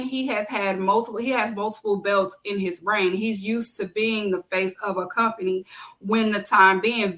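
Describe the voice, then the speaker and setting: Woman podcast host, bright and emphatic, casual solo commentary. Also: medium pitch, rough recording. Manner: emphatic, repeats key points, conversational fillers.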